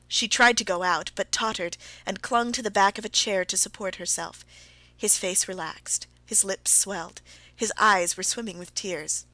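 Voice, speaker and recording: With a mid-range voice captured in a dry recording, a woman performs an audiobook of a classic novel. Her narration is measured and full of expression.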